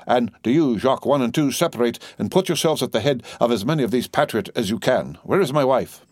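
A man voicing a fierce male revolutionary leader who runs a wine shop, giving commanding, rousing shouts in a storybook reading. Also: medium pitch, sing-song, brisk, no room sound, clean studio sound, pitched above the performer's own voice.

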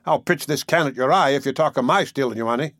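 A man's voice: mid-range voice, dry recording, studio quality, natural voice. A man reading aloud voices a touchy village drinker who mutters and bristles at being accused. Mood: defensive. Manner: muttering, quick to anger.

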